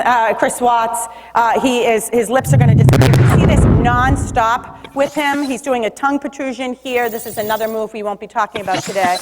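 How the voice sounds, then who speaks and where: Woman, high voice, energetic stage talk, long hall echo. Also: background noise. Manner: lively, leads audience call-and-response. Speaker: speaker giving a talk on body language.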